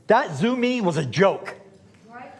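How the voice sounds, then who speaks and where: A man giving an agitated, rambling public comment at a county board meeting, swinging from muttering to shouting. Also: high voice, very animated, unhurried, slightly rough.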